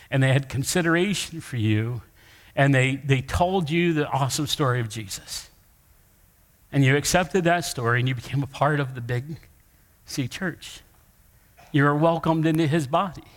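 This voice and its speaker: A man's voice: on the high side, a bit bright. A middle-aged man preaching a sermon in a church, conversational and joking with his congregation as he tells a story. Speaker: pastor. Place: church sanctuary. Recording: long hall reverb.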